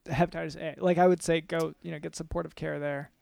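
Deadpan male co-host, dry close mic, lots of "um"s and stalls. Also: fairly high pitch, fast, gravelly, no echo. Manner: deadpan, hesitant, many fillers. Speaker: podcast co-host. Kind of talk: deadpan comedy podcast chat.

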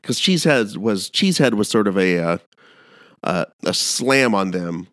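A man with a fairly low voice talks on a casual podcast, recorded dry and close. He rambles and restarts, but stays animated and keen. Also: normal speed, no echo. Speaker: podcast co-host.

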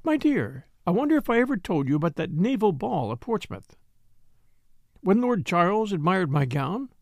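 A man's voice: sits high, sing-song, normal speed, no echo. A man reading an audiobook, voicing an elderly English woman who rambles about her past. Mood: reminiscing.

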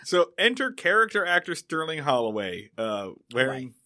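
Bright-voiced, playful man podcast co-host. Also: fairly high pitch, very animated, moderate pace. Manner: playful, acts out scenes in funny voices. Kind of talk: casual chat recapping a TV show.

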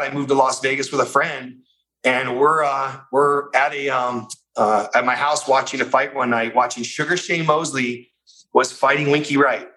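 Middle-aged male guest, bright voice, chatty storyteller with lots of "you know"s. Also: medium pitch, rough recording. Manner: animated, fast-paced anecdote with many fillers. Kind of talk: storytelling in a casual interview.

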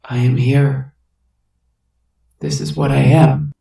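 A woman voicing a wounded, sorrowful gray creature boy with horns, in a growling, gravelly voice. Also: extremely low pitch, level tone, slow, warm tone, roomy sound, full character voice. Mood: solemn.

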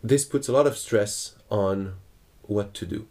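A man's voice: on the low side, unhurried, warm tone. A man asking a teacher questions in a spiritual dialogue, hesitant and searching for words, with many restarts.

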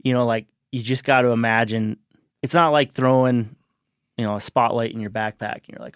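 A man's voice: medium pitch, steady tone, a little fast, smooth, no room sound. Filler-heavy man telling a hunting story. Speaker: podcast guest. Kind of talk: casual chat, storytelling.

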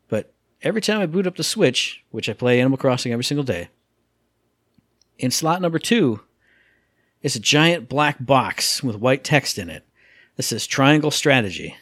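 A man on a podcast talks about video games in a casual, animated way, throwing in sound effects and voices. His mid-range voice moves a little fast and has a breathy edge, recorded clean and dry in a studio.

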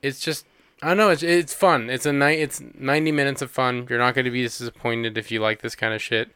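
A man's voice: mid-range voice, steady tone, brisk, pushed and bright, clean tone, no echo, clean studio sound. A man co-hosting a podcast, reviewing a horror film in casual chat, swearing freely and filling his talk with "like". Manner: casual, swears freely, lots of filler words. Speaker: podcast co-host.

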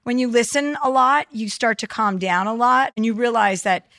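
A woman's voice: a little high, normal speed, a bit bright, no room sound, clean studio sound. A woman co-hosting a podcast, giving blunt, profane, playful advice in casual chat. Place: Whistler.

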